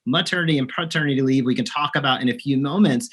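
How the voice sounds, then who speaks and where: A man's voice: medium pitch, quick pace, fairly bright tone, breathy edge. A man as a podcast guest, explaining his service in an earnest, emphatic way. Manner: earnest, emphatic business talk. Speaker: guest, locum service provider. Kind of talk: podcast interview.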